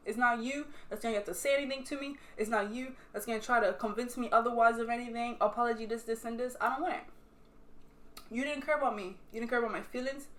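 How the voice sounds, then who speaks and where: A young woman from Bermuda with a Bermudian accent that sometimes slips into British, chatting bluntly and swearing as she answers viewer questions over a glass of wine. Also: a little high. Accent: Bermudian, sometimes switching to British. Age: young adult. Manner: blunt, animated storytelling with frequent swearing. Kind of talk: casual chat while sipping wine.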